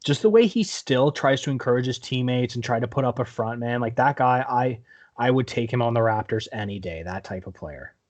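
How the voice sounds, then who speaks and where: Canadian dude cohosting a sports pod, mid-pitched voice, animated, swears a lot. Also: male voice. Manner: animated, swears freely, quick agreeing "yeah"s. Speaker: podcast co-host. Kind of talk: casual sports chat.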